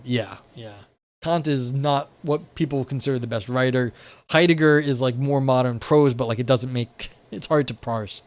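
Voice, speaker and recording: A young man reads philosophy aloud on a live stream, breaking in with wry, profane asides packed with "like" and restarts. His voice is medium-pitched and moves at a normal speed. It's casual commentary from a desk beside a window indoors.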